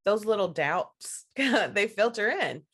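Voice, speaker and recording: A woman's voice: mid-range voice, animated, takes it slowly, a bit bright, slightly rough. A woman talking frankly in a casual chat, laughing often as she makes her points.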